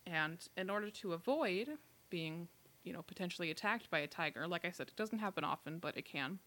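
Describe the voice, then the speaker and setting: A woman hosting a podcast, telling facts in a relaxed, explanatory way with frequent laughs. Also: on the low side, fairly quick. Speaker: podcast host telling the story. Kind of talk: casual chat.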